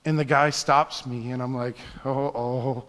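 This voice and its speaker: A married man preaching a sermon, telling a story with hushed asides and building to fervent exhortation. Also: medium pitch, steady tone, moderate pace, in a large hall. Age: adult, married. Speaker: pastor.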